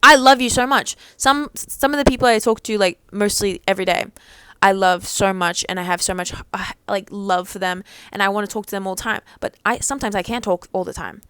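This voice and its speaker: A woman's voice: medium pitch, brisk, bright, forceful tone, smooth, dry recording. A young woman vlogger talking casually to camera, rambling with lots of "like" and freely swearing.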